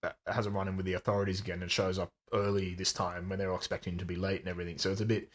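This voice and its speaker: A man's voice: low voice, level tone, very fast. A man co-hosting a book podcast, speaking in a thoughtful, hesitant way and often repeating words. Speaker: podcast co-host. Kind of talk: casual book discussion.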